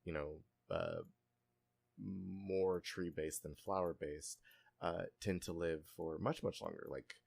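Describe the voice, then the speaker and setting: A man voicing a nerdy young woman explaining lore in a tabletop game, in his own low voice. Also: animated, slow pace, creaky, darkish tone, no room sound, exaggerated voice. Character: Daisy, a nerdy woman who knows lore.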